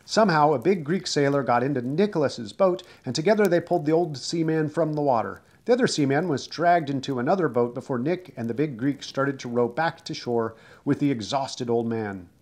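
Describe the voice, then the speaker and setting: A man reading a children's book aloud, expressive and dramatic, shouting out the characters' cries. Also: medium pitch, fairly quick, hardly any pauses. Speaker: storyteller.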